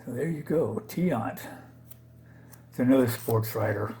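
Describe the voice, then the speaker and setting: A man's voice: mid-range voice, measured pace, vocal fry, dark tone, a little hiss or hum. A man casually talking through his collection, hesitant and rambling, often correcting himself and joking about his own mistakes. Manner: self-deprecating, laughs at own slips. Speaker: card collector vlogger. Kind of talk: casual unscripted commentary.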